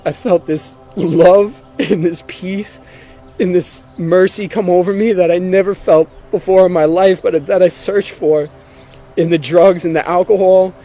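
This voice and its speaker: A man's voice: high voice, warm tone. Man sharing an earnest personal testimony. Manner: earnest, emotional storytelling. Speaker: testimony speaker.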